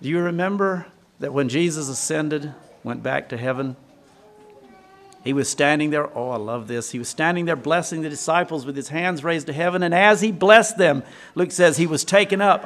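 A man's voice: on the high side, moderate pace, fairly bright tone. A man preaching a sermon, retelling scripture as a story and asking the congregation questions.

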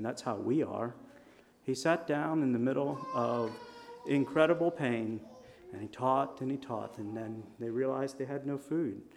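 A man preaching a sermon in a conversational storytelling manner, with lively shifts in volume. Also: medium pitch. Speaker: pastor.

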